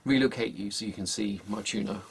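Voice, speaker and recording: A man talks through a guitar setup in a casual workshop commentary. His voice is gravelly with plenty of fry, and he sounds wry and exasperated, hesitating with fillers. It is picked up on a camera microphone indoors, with a faint hiss behind him. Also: fairly low pitch, fairly quick. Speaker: guitar repairer.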